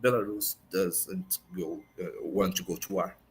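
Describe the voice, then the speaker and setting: A man commenting on politics in an online discussion show, earnest and pausing often to search for words in English. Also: low voice, steady tone, a little hiss or hum.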